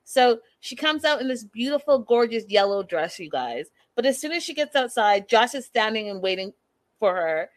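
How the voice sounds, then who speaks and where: A woman's voice: on the high side, sing-song, normal speed, dry recording. Young woman recapping reality tv, chatty and disbelieving, dry close sound. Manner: chatty, incredulous, addresses viewers as "you guys". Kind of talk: casual recap commentary.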